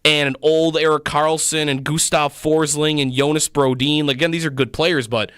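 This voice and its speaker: A man co-hosting sports talk radio, firing off animated, opinionated takes. His voice is bright and a touch high. The studio sound is close and dry. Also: clean tone, no echo. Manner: animated, opinionated, quick bursts.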